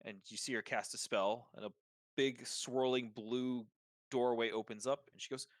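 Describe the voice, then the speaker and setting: A man's voice: mid-range voice, steady tone, moderate pace, dry recording. A man narrating as game master of a tabletop game, describing scenes with fillers and restarts.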